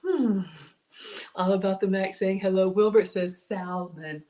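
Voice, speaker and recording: A woman's voice: mid-range voice, fairly even intonation, moderate pace, warm tone. Bubbly woman hosting a cooking livestream. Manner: bubbly, laughs often, reads viewer comments aloud. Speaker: home cook livestream host. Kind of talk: casual cooking livestream chat.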